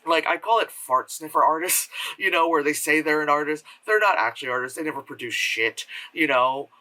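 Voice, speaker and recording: Rambling man with a bright, tense voice. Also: fairly high pitch, brisk, low-quality recording. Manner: rambling, filler-heavy, acts out quotes in mocking voices. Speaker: film reviewer. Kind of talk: casual spoken film review. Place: home room with air purifier hum.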